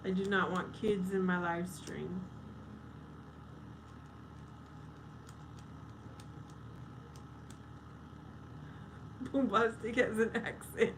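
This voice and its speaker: A woman's voice: medium pitch, normal speed, hardly any pauses, noisy background. A woman live streaming in casual chat, reading viewer comments aloud and answering them. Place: outdoors at night.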